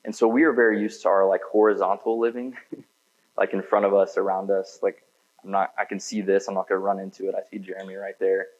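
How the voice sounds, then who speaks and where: A man with a fairly low voice preaches a sermon in a church, chatting casually rather than declaiming. His talk is loose and peppered with fillers. The recording sounds dull and lo-fi. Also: level tone, fairly quick. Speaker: pastor.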